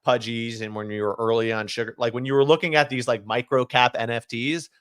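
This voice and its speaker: A man's voice: medium pitch, level tone, a little fast, a bit bright, clean tone, no echo. Man, podcast co-host, casual rambling, dry close mic. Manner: loose, filler-heavy, restarts often. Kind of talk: casual crypto chat.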